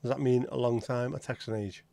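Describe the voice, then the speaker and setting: On his livestream, a man with a Liverpool accent jokes, swears casually, and calls out viewers by name. His voice sits at a normal middle pitch with a steady, dark tone and vocal fry, and he speaks fairly quickly. The sound is close and dry with no room echo.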